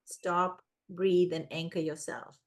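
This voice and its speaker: Woman, parenting expert, casual conversation, animated, acts out voices. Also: lowish voice, slow pace.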